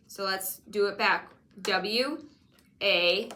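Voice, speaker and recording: Slow, bright-voiced woman teaching spelling. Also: medium pitch. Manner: slow, patient, encouraging, spells letters aloud. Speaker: reading teacher. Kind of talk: one-on-one spelling lesson.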